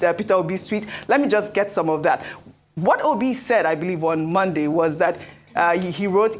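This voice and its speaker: A woman with a Nigerian accent presenting the news in a clear, steady newsreader delivery. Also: fairly low pitch, a little fast. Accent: Nigerian English. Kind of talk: news reading and studio discussion.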